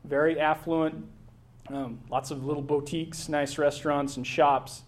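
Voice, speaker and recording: A man's voice: on the high side, level tone, unhurried. A middle-aged American man giving a casual travel slideshow talk, rambling with many fillers and restarts. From United States.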